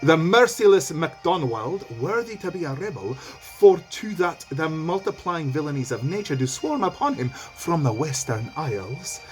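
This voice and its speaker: A man's voice: fairly high pitch, very animated, soft background music, voice pushed up. A man doing a grave, weary soldier. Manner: dramatic, slow reading. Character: battle-weary male soldier reporting.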